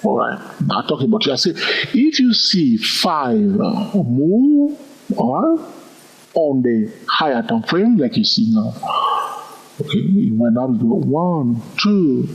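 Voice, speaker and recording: A man's voice: mid-range voice, sing-song, slow pace, gravelly, slightly rough. A man teaching a chart walkthrough lesson on trading, counting moves aloud and often checking in with the viewer. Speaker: trading instructor. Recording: dull lo-fi recording.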